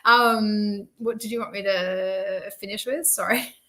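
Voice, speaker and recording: A woman's voice: mid-range voice, steady tone, slow, pushed and bright, poor audio. A woman guest on a podcast, rambling in a loose, chatty way with lots of fillers and self-corrections. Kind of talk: casual conversational interview.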